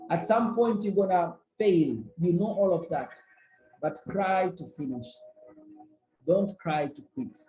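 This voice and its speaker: A man's voice: sits high, warm tone, echoey room, poor audio. A man giving a motivational business training talk, repeating key lines emphatically to encourage his listeners.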